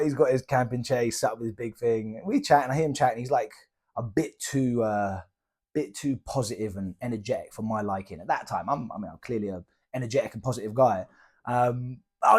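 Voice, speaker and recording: A man's voice: mid-range voice, breathy edge. Chatty British guy telling a travel story. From Britain. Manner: chatty, slangy, animated retelling with quoted dialogue. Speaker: travel vlogger. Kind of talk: casual storytelling.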